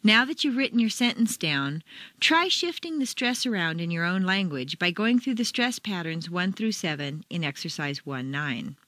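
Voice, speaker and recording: A woman reading a scripted pronunciation lesson, clear and deliberate as she demonstrates where the stress falls. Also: fairly low pitch, lively intonation, pushed and bright, no room sound. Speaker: accent coach. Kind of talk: scripted instructional narration.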